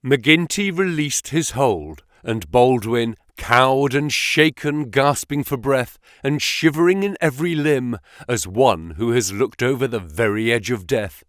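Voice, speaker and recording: A man narrating an audiobook as expressive storytelling. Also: mid-range voice, measured pace, no echo, studio quality. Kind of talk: scripted narration.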